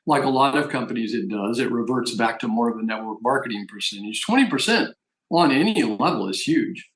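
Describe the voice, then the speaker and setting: A man gives a persuasive business opportunity presentation and leans hard on the numbers he wants his listeners to remember. His voice sits at an ordinary middle pitch. The recording carries a noticeable room echo. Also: lively intonation, a little fast. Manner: persuasive, emphatic sales talk. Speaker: network marketing presenter.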